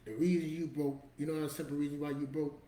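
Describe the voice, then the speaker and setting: A man's voice: a little high, little pitch movement, fast, mellow, reverberant. A man giving a motivational talk to camera in a preachy, emphatic, street-casual storytelling manner. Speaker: motivational vlogger.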